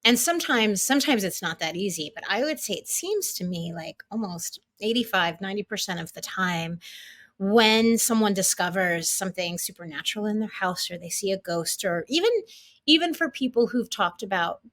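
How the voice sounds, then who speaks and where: A woman's voice: medium pitch, lively intonation, normal speed, a bit bright, dry recording. Woman host in casual chat. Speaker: podcast host.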